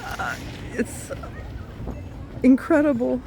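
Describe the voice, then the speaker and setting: A woman's voice: sits high, takes it slowly, vocal fry, mellow, low-quality recording. A woman from Canada vlogging while she walks through an outdoor city park, gushing and exclaiming as she talks into a handheld phone. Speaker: travel vlogger. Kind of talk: casual walking vlog. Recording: outdoor park noise behind.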